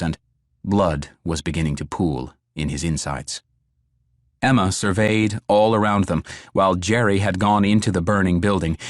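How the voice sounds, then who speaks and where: In a low voice, a man reads an audiobook, telling the story in a measured, even way. The recording is dry and clean, with studio sound.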